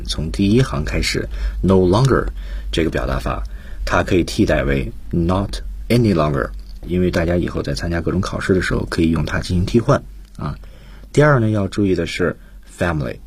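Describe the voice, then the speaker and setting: A man's voice: low voice, expressive, a little fast, breathy edge, no echo. A man co-hosting a radio English lesson, patiently explaining vocabulary and stressing key phrases for students. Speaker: radio English teacher, co-host.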